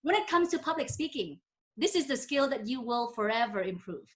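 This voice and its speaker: A woman's voice: fairly high pitch, sing-song, a little fast. A woman hosting a casual interview over a video call, speaking earnestly with some restarts. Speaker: host.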